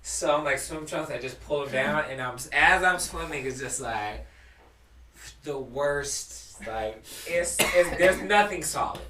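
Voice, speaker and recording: A young man with a fairly high voice speaks at a measured pace, telling a rowdy story in a casual live-stream chat. He's animated and laughs as he tells it, and the mic sits at a distance in an echoey room.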